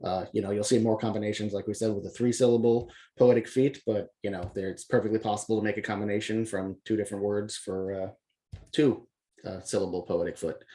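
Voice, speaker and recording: A man's voice: lowish voice, a little fast. A man teaching poetic meter in a casual video lesson, talking loosely with lots of filler words. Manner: relaxed, many filler words, loose and unscripted. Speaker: poetry press publisher teaching poetic meter.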